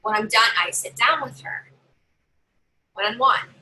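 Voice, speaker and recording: A woman giving chatty, animated tips as a direct sales consultant in a casual live video. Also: measured pace, a little hiss or hum, low-quality recording. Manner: chatty, animated, acts out customers in higher voices.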